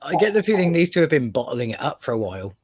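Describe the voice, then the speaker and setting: A man's voice: a little high, big pitch swings, quick pace, a little mellow, breathy edge. A man in a casual chat, teasing his friend with dry humor.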